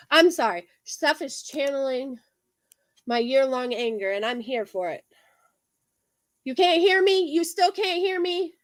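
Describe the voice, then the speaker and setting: A woman's voice: extremely high pitch, fairly bright tone, dry recording, rough recording. A woman on a livestream, delivering a heated, profane rant and repeating her points.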